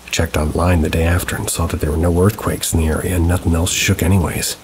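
Low voiced guy reading spooky stories, steady and somber, rain pattering behind him. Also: fast, background noise. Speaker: story narrator. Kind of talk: reading paranormal stories aloud. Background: rain ambience.

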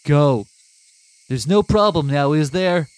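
A man's voice: a little high, animated, slow, dry recording, pitched above the performer's own voice. A man playing an angry teenage boy barking orders. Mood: stern. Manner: shouting commands.

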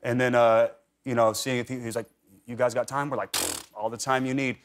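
A man's voice: medium pitch, steady tone, brisk, a little hiss or hum. Rambling young man telling stories. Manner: rambling storyteller, heavy on "like" and restarts. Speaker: talk show guest. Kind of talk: casual chat. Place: TV studio.

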